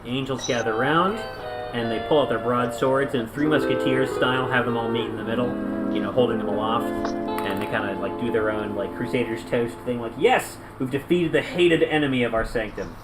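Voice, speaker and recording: A man narrating a tabletop game as game master, telling the story with animated flair and sudden loud yells. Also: mid-range voice, brisk, rough recording. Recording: music playing underneath.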